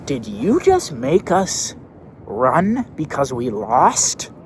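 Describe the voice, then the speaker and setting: A man's voice: mid-range voice, huge pitch swings, drawn-out words, a little hiss or hum, exaggerated voice. A man voicing a whiny, upset boy of about nine, protesting shrilly. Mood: indignant.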